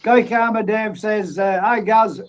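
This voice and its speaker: Higher-voiced man hosting a live chat. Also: measured pace, rough recording. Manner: friendly, easygoing, greets people by name. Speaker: livestream host. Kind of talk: casual live chat, reading out viewer comments.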